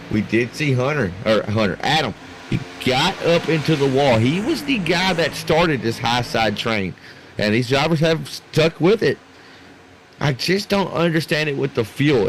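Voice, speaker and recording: A man doing live play-by-play commentary for a sim racing league, rambling and excitable, talking to his producer on air. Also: a little high, noisy background.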